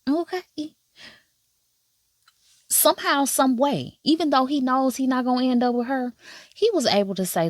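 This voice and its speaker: A woman giving casual drama commentary in an animated, profane, sassy way. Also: high-pitched, measured pace, no echo, studio quality. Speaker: drama reviewer. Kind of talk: casual watch-along commentary.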